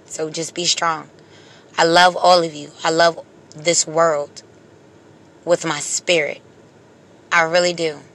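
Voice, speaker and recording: A vlogger speaks straight to viewers with a bright, forward voice. The talk is impassioned and casual, full of repeated, emphatic phrases in a preachy rhythm. The voice often sinks and fades at the end of a line. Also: medium pitch.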